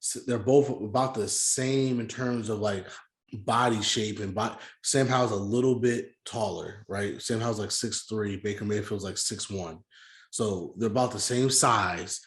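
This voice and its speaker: A man's voice: on the low side, measured pace, reverberant. A man co-hosting a casual sports podcast, arguing his points and often repeating himself. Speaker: podcast co-host.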